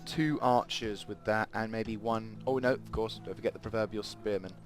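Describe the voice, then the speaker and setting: A man's voice: on the low side, steady tone, normal speed, over music. A man giving rambling let's play commentary at a desk mic, thinking aloud as he plays. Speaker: gaming channel host.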